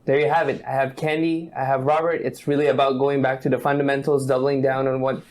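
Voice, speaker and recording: A man hosts a business interview with a friendly, upbeat manner. His voice sits at an ordinary middle pitch as he poses questions and signs off. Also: flat delivery, quick pace. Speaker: interview host. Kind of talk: hosting an interview.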